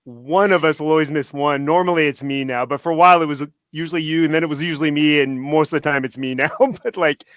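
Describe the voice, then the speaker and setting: A man, the band's bass player, chatting on a live stream, telling animated stories and laughing through them. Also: fast talker, hardly any pauses, no echo. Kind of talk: casual live-stream chat.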